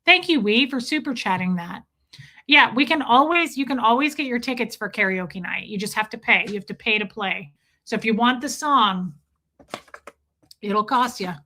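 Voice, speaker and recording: A woman hosting a livestream in casual chat, playful and loud, her voice going a little hoarse. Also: fairly high pitch, expressive, normal speed. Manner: playful, sings along loudly between chatter. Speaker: livestream host.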